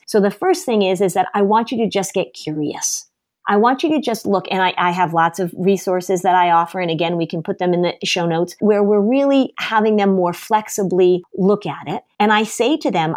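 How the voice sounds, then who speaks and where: A woman's voice: mid-range voice, a little mellow. Woman, therapist guest, podcast interview, emphatic, upbeat.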